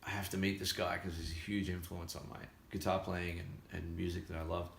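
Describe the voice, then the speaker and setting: A man's voice: low-pitched, flat delivery, brisk, vocal fry. An Australian man, a musician, chatting casually and animatedly telling a story, acting out the voices of the people in it. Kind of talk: casual chat. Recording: echoey room.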